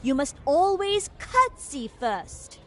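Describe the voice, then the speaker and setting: A snooty game noblewoman all affected condescension, her high voice swooping up and down. She talks slowly and primly, savoring her own importance. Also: sing-song, bright, forceful tone, slight background noise, heavily acted. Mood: condescending. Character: snobbish aristocratic lady teaching etiquette.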